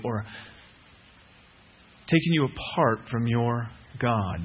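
A man's voice: mid-range voice, slow, long pauses, a bit bright, slightly rough. A middle-aged man preaching a sermon, earnest, repeating key phrases and putting questions to the listeners. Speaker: pastor.

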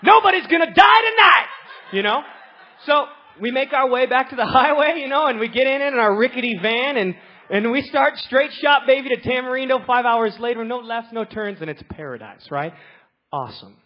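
A woman preaching a sermon, telling a story with animated swings from quiet to shouting. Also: a little high, a little fast. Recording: slightly dull lo-fi recording.

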